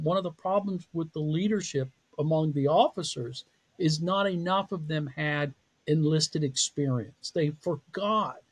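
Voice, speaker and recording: A man's voice: fairly high pitch, a little mellow, breathy edge. A man speaking as a podcast interview guest and psychology professor, telling his career story in a candid, self-deprecating way with frequent laughs.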